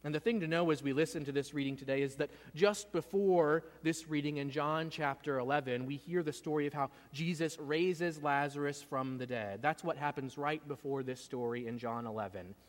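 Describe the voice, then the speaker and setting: A man preaches a sermon in a somewhat high voice, earnest and storytelling. He often stumbles and repeats his words. A long reverb trails every phrase. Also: normal speed, hardly any pauses. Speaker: pastor.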